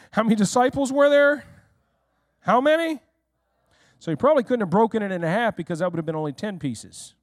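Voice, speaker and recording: A male pastor delivers a sermon in a high voice with sweeping swings of pitch. He keeps checking in with the congregation and asking them questions. The sound is dry and close, with little room echo. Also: very animated, normal speed, long pauses. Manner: speaks directly to listeners in the room.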